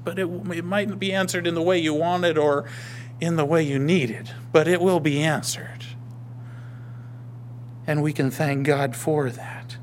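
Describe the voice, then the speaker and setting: A male pastor preaching a sermon, emphatic, swinging between raised declarations and hushed whispers. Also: a little high, steady tone, moderate pace, a little hiss or hum.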